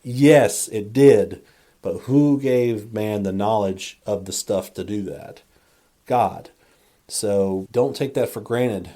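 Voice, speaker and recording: A man with a fairly low, warm, relaxed voice hosts a faith podcast on his own. He rambles earnestly, circling back and correcting himself as he works through his thoughts. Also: slow. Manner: rambling, earnest, self-correcting with many restarts. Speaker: podcast host.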